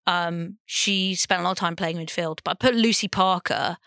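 A woman's voice: lowish voice, moderate pace, vocal fry, a bit bright, no room sound, studio quality. A woman hosting a podcast, chatting casually and playfully about women's football. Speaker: podcast host.

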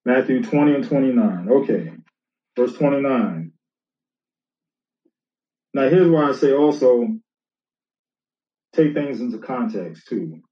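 Slow and given to frequent pauses, this minister has a mid-range voice with lively intonation. He reads scripture aloud and casually pushes back at critics in a conversational way, repeating himself and speaking straight to his opponent. The audio is distant, roomy and dull, like a lo-fi recording.

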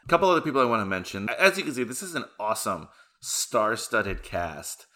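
A man's voice: on the low side, sing-song, a little fast, sharp tone. A man hosting a casual movie podcast, talking with enthusiasm and laughing often. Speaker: podcast host.

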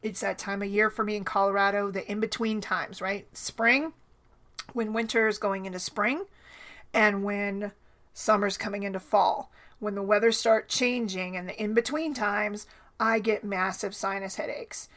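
A woman hosting her own podcast in a loose, conversational ramble. She restarts sentences often and tags them with quick questions to the listener. She sounds slightly foggy, as if nursing a headache. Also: medium pitch, fairly even intonation, a bit bright. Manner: chatty, rambling, frequent "right?" and restarts. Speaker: podcast host. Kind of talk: casual solo podcast talk.

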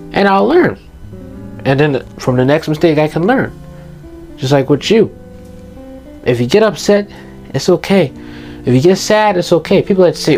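A teenage boy's animated, higher-pitched voice moves at a moderate pace with long pauses, darkish in tone, over faint music. As a youth vlogger, he urges his viewers on with emphatic, heartfelt advice and keeps repeating what matters most.

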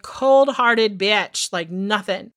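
A woman in her thirties co-hosting a podcast, recapping in casual chat and swearing freely as she gets animated. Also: medium pitch, slow pace, no room sound, studio quality. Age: 30s. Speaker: podcast co-host.

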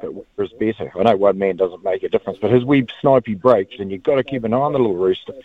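A man's voice: fairly low pitch, fast talker, breathy edge. A man with a New Zealand accent calling a talkback radio show, chatting rambly about rugby. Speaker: caller. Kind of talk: phoned-in talkback chat. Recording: tinny phone line.

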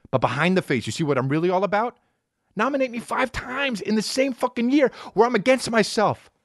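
A man's voice: on the high side, fairly bright tone, no echo, studio quality. A man on a comedic rant, profane and rambling, swinging his delivery up and down as he riffs.

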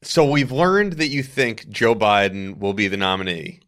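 Bright-toned man hosting a podcast. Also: lowish voice, animated, normal speed. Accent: faint New York. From New York. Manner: bantering, laughs easily. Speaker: podcast host. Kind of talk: casual podcast chat.

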